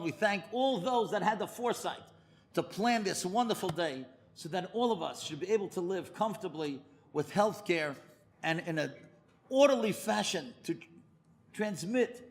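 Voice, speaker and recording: Male rabbi, high pitched, lively sermon storyteller. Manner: animated storyteller, pitch leaping high for emphasis. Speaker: rabbi giving a lecture.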